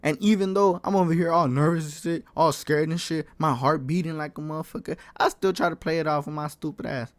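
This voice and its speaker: A man's voice: fairly high pitch, fairly quick, few pauses, dry recording. Slangy young man telling a story. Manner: slangy, animated, swears a lot, says folk and bro. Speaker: vlogger. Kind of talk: casual storytime.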